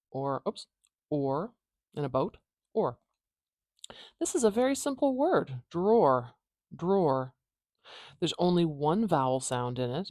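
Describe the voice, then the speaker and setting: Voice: mid-range voice, a little mellow, dry recording, clean studio sound. Atlantic Canadian teacher sounding out words. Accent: Atlantic Canadian English. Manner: explanatory, repeats words slowly to demonstrate sounds; playful asides. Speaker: phonetics teacher. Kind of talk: IPA transcription lesson.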